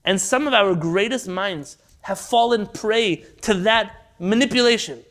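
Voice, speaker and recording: A man teaching a Torah class in an impassioned lecture, swinging from loud rhetorical questions to quiet, intense pleas. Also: sits high, unhurried.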